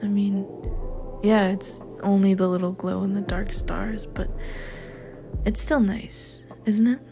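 A young woman acting out a caring partner in an audio role-play, talking gently and reassuringly with light teasing. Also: medium pitch, steady tone, takes it slowly, creaky, music in the background. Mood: gentle.

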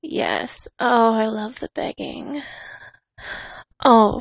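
A woman with a fairly high voice and a gravelly, fry-tinged edge speaks in an unhurried, teasing, commanding way, laughing softly between lines. She performs a dominant adult audio role-play into a close, dry mic. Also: dry recording.

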